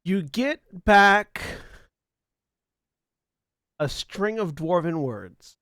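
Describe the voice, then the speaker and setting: A man narrating as game master of a tabletop game, relaxed and thinking aloud as he makes rulings. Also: sits high, drawn-out words, clear, resonant tone, no echo, clean studio sound.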